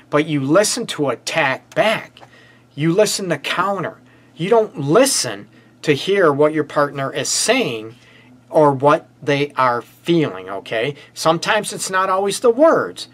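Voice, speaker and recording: A middle-aged man, a relationship counselor, giving casual advice to a live online audience, energetic and repetitive, checking in with "right?" and "okay?". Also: a little high. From United States.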